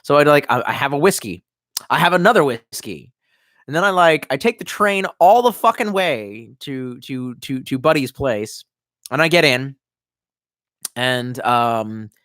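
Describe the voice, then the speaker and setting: A young man rambles through a casual live stream, swearing freely and a little tipsy on wine. His pitch jumps around with lively swings. The sound is dry and close, with no room around it. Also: dry recording. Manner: rambling, profane, reads chat aloud.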